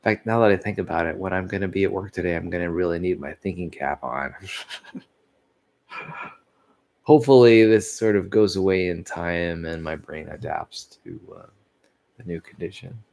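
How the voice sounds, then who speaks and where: A man with a deep voice and vocal fry speaks at normal speed in a casual vlog, sounding sleepy and tired. He wanders from point to point, yawns, forgets where he was going and chuckles softly at himself.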